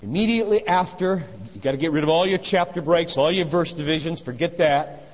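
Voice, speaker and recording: A man preaching a sermon in a high voice. He presses hard on key phrases, then drops to a low, quiet tone. The recording is dull and carries a long reverb from a large hall. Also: a little fast. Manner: emphatic, swinging from loud exhortation to hushed low phrases.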